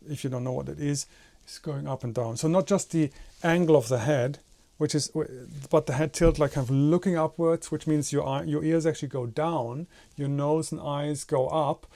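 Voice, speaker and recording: Soft-toned man teaching animation. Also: a little high. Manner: demonstrates with his own head and hands while explaining. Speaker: animation instructor. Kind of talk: tutorial explanation.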